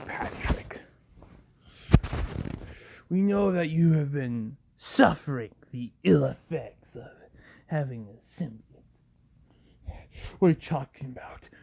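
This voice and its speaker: A man voicing an alien symbiote creature that speaks as a group, low and half-whispered. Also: creaky, a little mellow, a little hiss or hum.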